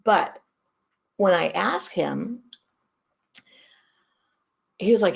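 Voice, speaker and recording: Gravelly, low-voiced woman. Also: expressive, very slow, long pauses. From San Antonio, Texas. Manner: chatty, self-deprecating, joking. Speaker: legal trainer presenting a webinar. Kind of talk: casual webinar presentation. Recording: slightly muffled online audio.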